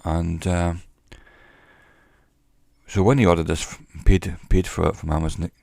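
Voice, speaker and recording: A man, a former salesman, telling a wry story to camera in a slow, deliberate way on a cheap microphone. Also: deep voice, steady tone, vocal fry, a little mellow, no room sound, clean studio sound. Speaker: vlogger. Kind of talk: casual monologue to camera.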